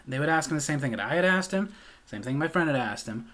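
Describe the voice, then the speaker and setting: A man's voice: on the high side, expressive, fast, fairly bright tone. Sardonic American man telling a story. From United States. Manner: sardonic, exasperated. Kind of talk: comedic storytelling monologue.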